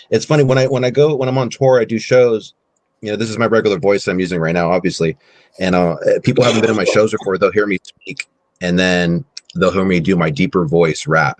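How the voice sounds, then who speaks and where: Male guest musician, very low voice, dry close sound, laid-back rambling chat with lots of fillers. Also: no room sound. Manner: relaxed, rambling, many "you know" fillers. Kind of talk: casual interview chat. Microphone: streamed video call.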